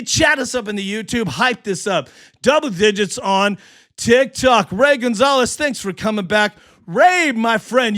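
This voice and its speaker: A man hosting a sports live stream, talking with hyped excitement and firing back at chatters. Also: very high voice. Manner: hyped, fast, heckling chatters. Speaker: sports livestream host.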